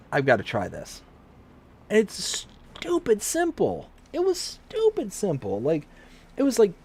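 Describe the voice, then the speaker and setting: A man in his forties from Michigan, chatting casually on a live stream while he plays a farming game, rambling and jumping up in pitch when excited. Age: 40s.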